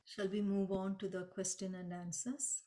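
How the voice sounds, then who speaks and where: A woman teaching the meaning of sacred names in a gentle, explaining way, sometimes chanting mantras, over a video call. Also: mid-range voice, level tone, normal speed.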